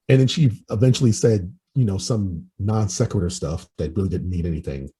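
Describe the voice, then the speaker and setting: A man's voice: on the low side, animated, fairly quick, mellow, husky, rough recording. A man in his forties talking bluntly in casual podcast chat, giving strong opinions with some swearing. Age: 40s. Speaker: podcast host and life coach.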